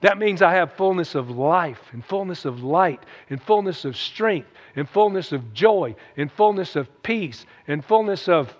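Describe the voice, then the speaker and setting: A man's voice: high voice, animated, a little slow, few pauses. A man preaching a sermon in a folksy, conversational way, often calling out "amen?" to the congregation. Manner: conversational, folksy, with frequent "amen?" call-outs. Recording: echoey hall, dull lo-fi sound.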